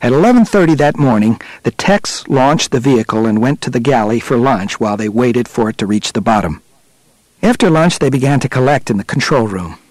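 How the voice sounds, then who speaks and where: In a measured, even delivery, a man narrates a nonfiction audiobook in a mid-range male voice. The sound is close-miked and dry, with no trace of the room.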